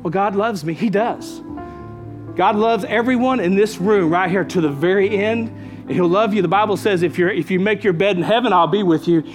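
High-voiced man preaching a sermon. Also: fairly quick, soft background music. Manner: emphatic preaching with repeated phrases and call-outs. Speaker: pastor.

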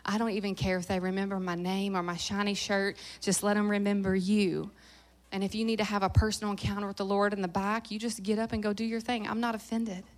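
A woman in her thirties with a Southern US accent, preaching a sermon in a lively, joking, fast-talking way and dropping to a hush when she prays. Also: mid-range voice. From American South. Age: 30s. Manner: drops to a hushed voice in prayer. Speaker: guest preacher.

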